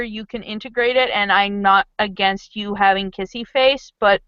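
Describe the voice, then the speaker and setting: A woman game master in casual, chatty talk about a tabletop game, excitable and full of fillers. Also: medium pitch, moderate pace, clear, resonant tone, no room sound, muffled recording.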